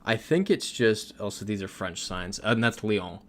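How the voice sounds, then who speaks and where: A man's voice: lowish voice, animated, moderate pace. A young man from Florida, chatting casually on a livestream while he plays, reading out viewer comments and laughing often. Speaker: streamer.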